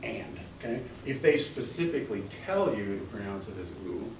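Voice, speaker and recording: Recorded from afar on a room mic, this echoey classroom clip has a faint hum. The Hebrew teacher, a man with a lowish, animated voice at normal speed, walks students patiently through each step and calls on them by turn.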